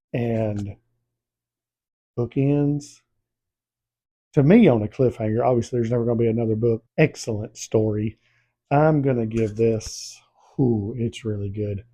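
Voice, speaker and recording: A man, a book vlogger chatting casually and animatedly retelling a story. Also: mid-range voice. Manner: animated storytelling, acts out scenes. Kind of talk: casual book review chat.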